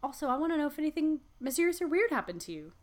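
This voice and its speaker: A woman's voice: high-pitched, very animated, racing. A woman co-hosting a podcast in playful, emphatic casual chat. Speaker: podcast co-host.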